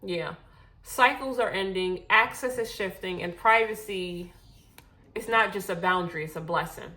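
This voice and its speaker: A woman's voice: medium pitch, normal speed, pushed and bright. A woman giving a casual spiritual tarot reading, out of breath, reassuring and often correcting herself. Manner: reassuring, repeats okay, self-corrects often. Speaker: tarot reader.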